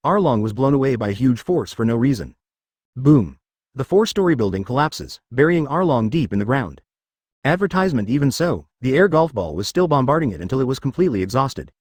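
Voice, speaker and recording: Man narrating a story with a lively pitch. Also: dry recording, clean studio sound. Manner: reads page artifacts and sound words flatly, even cadence. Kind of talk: read-aloud fan fiction narration.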